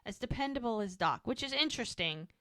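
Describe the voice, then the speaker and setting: A woman co-hosting a podcast, casually recapping a TV episode and acting out the characters' lines in an animated way. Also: a little high, fast, no echo, studio quality. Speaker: podcast co-host.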